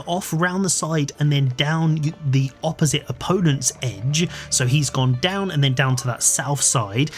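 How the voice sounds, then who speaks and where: A young man from London with a London accent, casting a strategy game in a chatty, casual way, with frequent ums and laughs. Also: medium pitch. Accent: London English. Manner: chatty, laughs often, many "um"s. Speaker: game caster.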